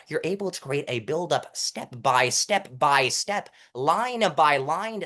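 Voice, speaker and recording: A young man with a stuffy nose explaining public speaking technique as an interview guest, demonstrating changes in loudness and pitch as he goes. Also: animated. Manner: self-admitted fast talker. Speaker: interview guest, mock trial coach.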